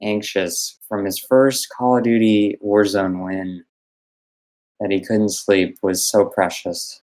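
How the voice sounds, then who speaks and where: A man's voice: fairly low pitch, fairly even intonation, slow, a little mellow, poor audio. A young man co-hosting a podcast, talking earnestly and enthusiastically in casual chat. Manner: earnest, enthusiastic about snacks. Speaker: podcast co-host.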